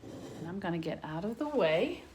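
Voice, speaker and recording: A middle-aged woman teaching young children a phonics lesson from home into a laptop camera, sounding out letters slowly and clearly. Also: on the low side, big pitch swings, a little mellow, reverberant, slight background noise. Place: home room.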